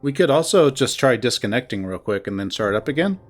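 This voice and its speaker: A man's voice: mid-range voice, big pitch swings, fairly quick, faint music behind. Rambling, swearing man on a call. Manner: rambling, laughing, profane. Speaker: co-host playing a visual novel. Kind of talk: casual chat. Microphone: online voice call.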